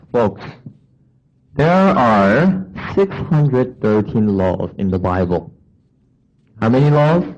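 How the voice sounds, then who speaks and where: A man's voice: mid-range voice, lively intonation, extremely slow, long pauses, darkish tone, dull audio. A man preaching a sermon to a congregation, asking questions and acting out the voices of people and of God.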